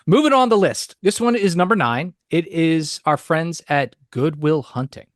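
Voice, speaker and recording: A man's voice: on the high side, animated, moderate pace, no room sound, clean studio sound. Teasing man hosting a baseball podcast. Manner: playful, teasing, mock-indignant. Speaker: podcast host. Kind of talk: casual chat.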